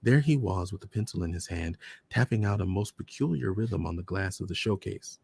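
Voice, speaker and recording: Deep, gravelly male story reader. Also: animated, brisk, a little mellow. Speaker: storyteller host. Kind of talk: reading a short story aloud.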